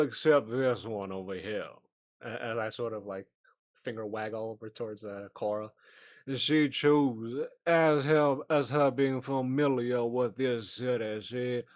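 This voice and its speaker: A man's voice: mid-range voice, dry recording. Man chatting at the game table. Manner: quick, offhand. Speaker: player. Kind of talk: casual table talk.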